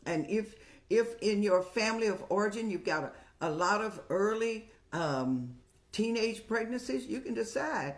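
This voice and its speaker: A woman's voice: mid-range voice, lively intonation, normal speed. Motherly older woman giving advice. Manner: motherly, preachy, addresses viewers as "child". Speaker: advice show host. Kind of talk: live-streamed advice talk.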